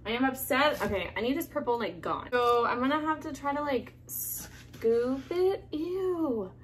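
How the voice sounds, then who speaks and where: Excitable young woman vlogger, high lively voice. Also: normal speed, a little hiss or hum. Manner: excitable, gasping, exclaims often. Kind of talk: casual vlog narration.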